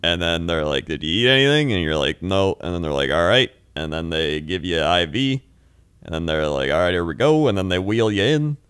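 Low smooth-voiced man, laughing storyteller. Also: expressive, fairly quick, a bit bright, no room sound. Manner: rambling storyteller, laughs often. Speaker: podcast co-host. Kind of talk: casual chat.

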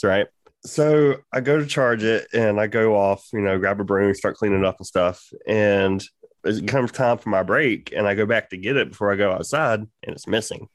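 A man's voice: fairly low pitch, moderate pace, dry recording. Man, podcast host, casual rambling storytelling, cursing a lot, dry sound. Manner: profane, rambling, laid-back.

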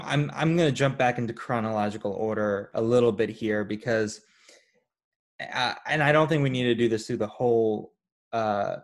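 A man co-hosting a casual chat about a movie, animated and rambling with lots of fillers and restarts. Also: mid-range voice. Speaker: podcast co-host.

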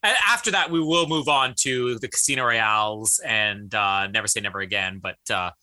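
A man co-hosting a podcast in casual chat, animated, acting out quotes as he tells stories. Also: fairly low pitch, moderate pace. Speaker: podcast co-host.

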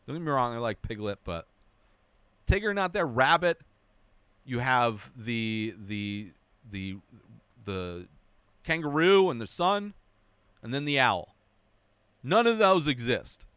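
A young man hosting a casual spoken movie review, animated and mocking, now and then dropping into a high whiny voice to mimic characters. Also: slow, pauses often, smooth, dry recording.

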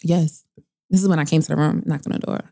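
A young woman, telling a personal story in casual chat. She is animated, swears freely, and jumps high in pitch when she quotes people. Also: quick pace, creaky. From New York.

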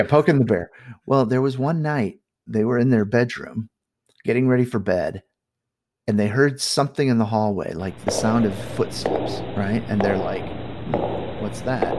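A middle-aged man casually telling a spooky family story on a podcast, animated and full of fillers. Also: fairly low pitch, vocal fry, background noise. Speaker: guest storyteller.

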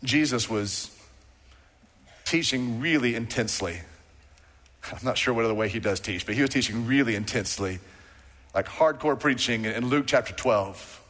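A man preaching a sermon to a congregation, animated and playful, acting out the people in the passage he reads. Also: mid-range voice, moderate pace, pauses often. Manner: animated, acts out quoted voices. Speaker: pastor. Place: church sanctuary. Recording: long hall reverb.

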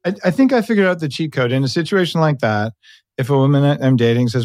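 A man hosting the talk in a playful, joking tone. He talks fast and trips over his own restarts. The sound is dry and close, with no room echo. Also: mid-range voice, a little mellow. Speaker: podcast host. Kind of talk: casual conversational interview.

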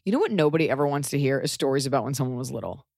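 A woman's voice: rumbling low, very fast, vocal fry, dry recording, clean studio sound. A woman in her thirties co-hosting a podcast, telling a story in casual chat and acting out the voices of the people in it. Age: 30s. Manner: animated storytelling, acts out voices. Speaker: podcast co-host.

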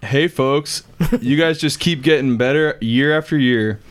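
A man co-hosting a podcast, reading a listener's email aloud in a dry, even way. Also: medium pitch, a little slow.

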